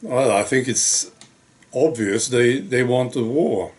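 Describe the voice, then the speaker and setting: A man talks at an unhurried, deliberate pace in a casual monologue to camera. He sounds wry and exasperated, and he keeps checking in with rhetorical questions. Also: medium pitch, a little mellow. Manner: rhetorical, frequently asking "right?". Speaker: video blogger.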